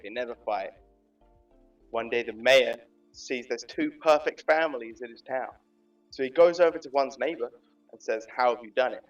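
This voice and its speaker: A man in an online game telling a long shaggy-dog joke in a rambling, deadpan way. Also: medium pitch. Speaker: player. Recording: distant, dull voice-chat audio.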